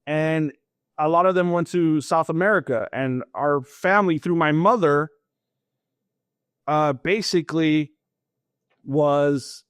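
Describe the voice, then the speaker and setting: A podcast guest in his thirties tells his story casually and with animation, laughing often and acting out conversations. His voice is on the high side and smooth, and he talks slowly with frequent pauses. The studio-quality recording has no echo.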